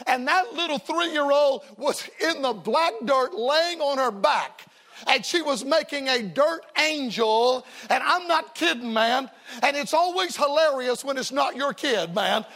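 A man's voice: very high-pitched, animated, unhurried, pushed and bright. A man preaching a revival sermon to a church congregation, folksy and emphatic, telling stories and hammering repeated refrains. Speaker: evangelist preacher.

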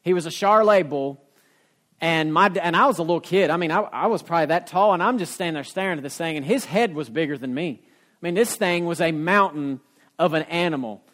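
A man's voice: fairly high pitch, fairly quick, a bit bright. A man preaching a sermon as pastor, telling homespun stories and building to emphatic points. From Ohio. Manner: folksy storytelling preacher, rising to emphatic peaks.

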